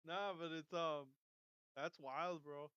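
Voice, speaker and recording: Casting: relaxed man co-host, somewhat high, smooth voice, slangy bilingual banter, dull dry recording. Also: takes it slowly, no echo. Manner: laid-back, slangy, mixes in Spanish. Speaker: podcast co-host. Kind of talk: casual chat.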